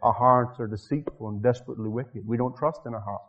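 In a church, a man delivers a revival sermon at medium pitch, moving from soft pleading to shouted, long-drawn climaxes. The recording sounds muffled.

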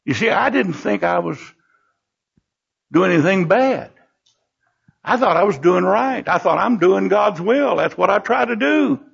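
An older preacher tells stories from the pulpit in a high, heavily gravelly voice. His tone is husky, and he breaks into lively exclamations. The recording sounds dull and lo-fi. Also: unhurried, pauses often. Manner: storytelling, animated exclamations. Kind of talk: sermon.

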